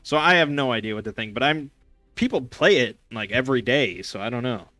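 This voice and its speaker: A man's voice: medium pitch, lively intonation, a little fast, bright, forceful tone, no echo, faint music behind. A young man hosting a casual gaming stream, rambling sarcastically with lots of fillers and restarts.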